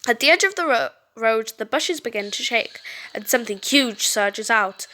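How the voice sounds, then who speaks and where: High, bright woman reading a story game. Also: normal speed. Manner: animated, stumbling over words. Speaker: game streamer.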